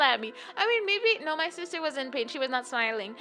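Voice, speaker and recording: A young woman streamer talks loosely and animatedly to her chat, reading messages and riffing on them. Her voice sits high and sounds bright and forward. Quiet music plays underneath her. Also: fairly quick. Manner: rambling, animated, reads chat aloud and replies. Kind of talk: casual live-stream chat. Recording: light music playing behind.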